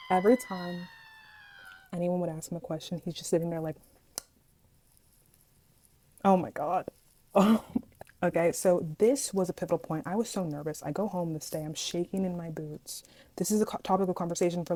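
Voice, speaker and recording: A young woman vlogger telling a story from school in an animated, dramatic way, acting out what people said. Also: lowish voice, fast talker. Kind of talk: casual storytime vlog.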